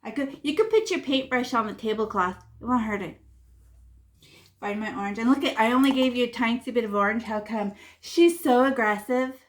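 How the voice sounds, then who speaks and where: A woman leads a children's painting class with a slightly high voice. She talks playfully and chattily, tossing in sound effects and repeating words as she goes. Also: a little fast. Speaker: art teacher. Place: classroom or home room.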